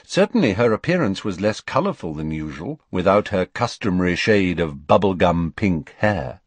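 A man narrating an audiobook chapter in a measured, expressive storytelling manner. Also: low voice, husky, no room sound. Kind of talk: scripted narration.

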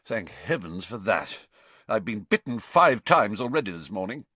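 A man voicing a flustered, impatient middle-aged bookshop manager who talks briskly and excitably, read for a storybook. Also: lowish voice, breathy edge, no echo, exaggerated voice. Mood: harried.

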